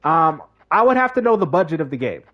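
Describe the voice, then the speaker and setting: A man's voice: a little high, fast talker, muffled recording. A man streaming a game, chatting casually with his chat and using slang. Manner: animated, talks to chat in slang. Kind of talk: casual live-stream commentary.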